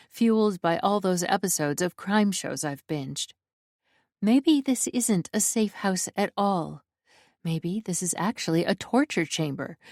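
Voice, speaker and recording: A woman narrating a first-person romance audiobook in a wry, expressive way, close to the mic. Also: mid-range voice, no room sound.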